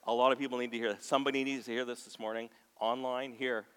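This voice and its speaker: A man preaching a sermon in a church. He moves from soft, near-whispered lines to loud, passionate bursts and acts out quoted voices. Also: medium pitch, flat delivery, fast, clean tone. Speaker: pastor. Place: church sanctuary. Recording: long hall reverb.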